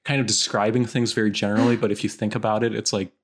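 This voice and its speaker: A woman co-hosting a podcast, retelling a film in a wry, drawn-out casual way. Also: very deep voice, level tone. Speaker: podcast co-host. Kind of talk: casual chat.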